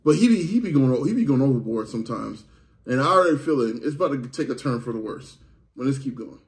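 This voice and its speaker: Excitable, animated man reacting. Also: medium pitch, fast. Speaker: reaction video host. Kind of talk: casual commentary.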